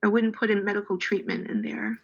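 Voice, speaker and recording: A woman on a health board discussing wording in a meeting, talking in halting starts and restarts. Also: mid-range voice, level tone, gravelly, dull audio.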